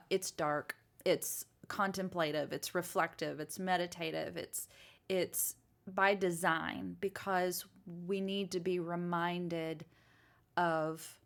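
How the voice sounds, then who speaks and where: A woman's voice: fairly low pitch, vocal fry, a bit bright. Give me a chatty, earnest woman on a podcast. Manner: chatty, earnest, drifts into reflective church talk; frequent restarts and fillers. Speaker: podcast co-host. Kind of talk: casual chat.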